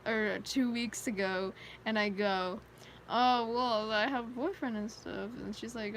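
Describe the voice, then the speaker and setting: A woman's voice: medium pitch, measured pace, slight background noise, low-quality recording. A teenage girl chatting casually on a live stream, rambling with many fillers and frequent giggles. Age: teens. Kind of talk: casual chat.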